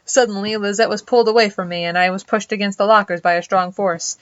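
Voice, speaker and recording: A woman's voice: mid-range voice, fairly even intonation, quick pace, a bit bright, clean tone, no echo, highs cut off. A woman reading a visual novel aloud as host, casual and swearing freely in her asides. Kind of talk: reading game narration aloud with joking asides.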